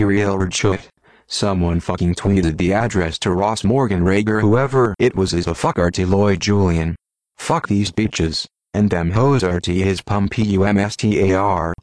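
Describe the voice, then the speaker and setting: A synthetic-sounding man's voice reading out short posts in a monotone, spelling out links letter by letter. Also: low-pitched, no echo, studio quality. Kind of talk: rapid automated read-out of short posts.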